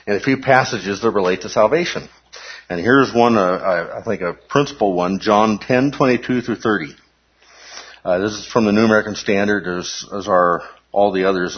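A man's voice: on the low side, slightly rough, highs cut off. A man teaching a Bible study class in a conversational way, often checking in with his listeners.

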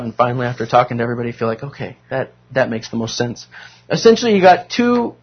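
A man's voice: medium pitch, dull audio. A man leading a Bible study class, talking conversationally and asking the group questions.

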